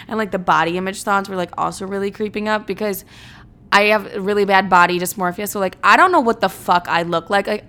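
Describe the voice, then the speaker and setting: A woman's voice: medium pitch, fairly bright tone. A young woman from the Chicago area telling a casual storytime vlog, chatty and full of fillers and swearing.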